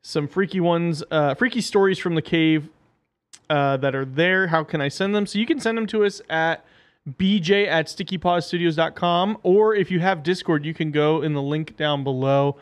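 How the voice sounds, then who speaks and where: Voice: mid-range voice, normal speed. A podcast host casually chatting while reacting to videos and reading viewer messages.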